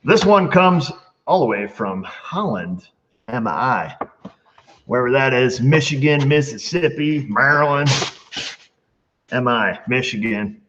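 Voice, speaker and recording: A man's voice: medium pitch, expressive, takes it slowly, long pauses, a bit bright. Man, mechanic host, joking mail-call chat, repair shop bay, camera mic, muffled lo-fi sound. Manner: jokey, reads letters aloud with asides. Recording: dull lo-fi sound with faint noise.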